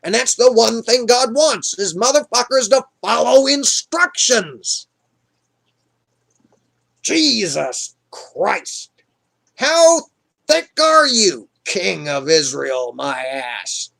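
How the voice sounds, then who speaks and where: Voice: mid-range voice, lively intonation, a little slow, hardly any pauses, lightly acted. A livestream narrator voicing the ghost of a grumpy old prophet who scolds crudely and with contempt, in an improvised comic Bible retelling. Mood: scolding.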